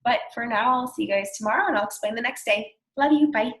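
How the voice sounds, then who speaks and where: A woman's voice: fairly high pitch, fairly even intonation, quick pace, fairly bright tone, low-quality recording. A young woman teacher walks young students through a home work packet, speaking patiently and encouragingly and sounding out words. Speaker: elementary school teacher. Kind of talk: remote lesson walkthrough for young students.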